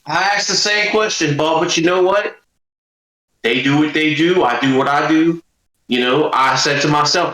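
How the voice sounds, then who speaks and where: A man's voice: a little high, moderate pace, sharp tone, echoey room, rough recording. Folksy man. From Louisiana. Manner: joking, folksy slang. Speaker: wrestler guest. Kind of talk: casual chat.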